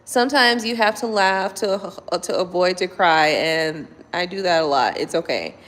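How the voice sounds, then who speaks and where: A woman's voice: on the low side, normal speed, fairly bright tone, in a large hall. A woman doing a blunt, profane casual chat with her live viewers, talking to them from home at night. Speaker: tarot reader.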